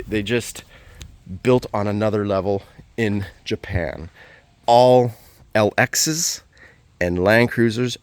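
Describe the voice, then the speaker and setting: A man with a fairly low voice gives an enthusiastic, opinionated walkaround of his vehicle. He rambles through points in a casual, conversational way. The recording is dry, with no room sound around the voice. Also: dry recording. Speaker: vlogger.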